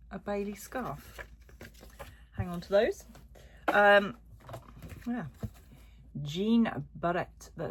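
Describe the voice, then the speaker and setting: A woman's voice: low-pitched, a little hiss or hum. A woman chatting casually as she unboxes yarn on her crochet vlog, rambling with lots of little asides. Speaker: crochet vlogger. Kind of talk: casual chat while unboxing.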